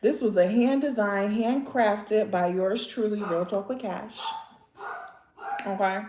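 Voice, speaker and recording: A woman in a casual nail vlog, talking in an excitable, slangy way. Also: medium pitch, slow, a little hiss or hum. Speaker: nail vlogger. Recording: roomy, echoey home recording.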